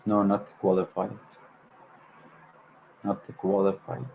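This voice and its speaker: Slow low-voiced man drilling words. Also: completely flat delivery, vocal fry, highs cut off, a little hiss or hum. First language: Arabic. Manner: repeats words over and over, stumbles and corrects himself. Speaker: language learner hosting a livestream. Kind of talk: solo livestream vocabulary practice.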